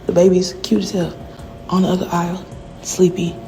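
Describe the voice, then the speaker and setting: A woman in a candid, rambling, profane monologue, often dropping to a hushed whisper. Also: lowish voice, monotone, moderate pace. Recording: noisy background.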